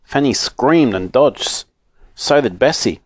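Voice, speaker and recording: A man reading a children's storybook aloud in an expressive, animated way. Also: mid-range voice, takes it slowly, no echo, studio quality.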